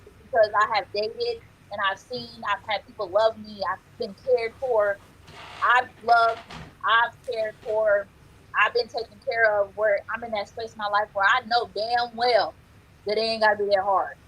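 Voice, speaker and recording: Outspoken husky woman, blunt talk. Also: on the high side, fairly even intonation, moderate pace, a bit bright, rough recording. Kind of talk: casual chat.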